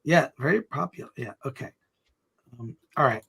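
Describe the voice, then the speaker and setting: A man's voice: mid-range voice, lively intonation, moderate pace, vocal fry, a bit bright, slightly rough. A man co-hosting a live election stream, joking and reading memes aloud. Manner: jokey, reads memes aloud. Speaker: co-host. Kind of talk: livestream chat.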